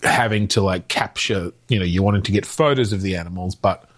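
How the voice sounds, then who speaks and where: A man, his voice sitting on the low side, brainstorming loosely in a casual chat. He rambles from idea to idea with many fillers and some crude humour. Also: a little fast. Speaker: podcast co-host.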